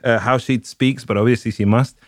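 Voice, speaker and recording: A man in casual podcast chat, mid-pitched, talking in long rambling runs. He sounds enthusiastic and keeps circling back on himself. The voice is dry and close to the mic. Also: steady tone, fairly quick, dry recording. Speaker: podcast host.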